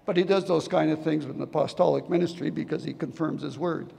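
An older male pastor, hoarse from losing his voice, preaching a sermon with earnest storytelling. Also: fairly high pitch, fairly even intonation, fast talker, dark tone. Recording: long reverb in a hall, faint noise.

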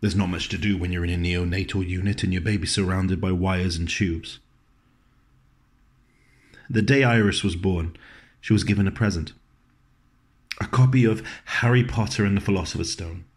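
Deep-voiced man telling a monologue. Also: normal speed, long pauses. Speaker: actor performing a monologue. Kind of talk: scripted dramatic monologue.

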